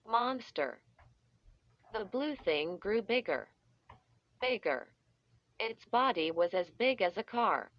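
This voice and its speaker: A woman reading a children's story aloud in a deliberate way, stretching out the sound effects, with dull, slightly muffled audio. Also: mid-range voice, expressive, dry recording. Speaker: audiobook reader. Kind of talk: scripted storybook narration.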